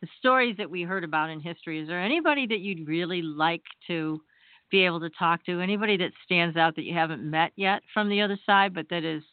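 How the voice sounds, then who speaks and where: A woman's voice: fairly low pitch, fast talker, smooth, no room sound. A woman hosting an interview, asking questions and reacting with encouraging exclamations. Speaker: interview host. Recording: dry, tinny phone-line sound.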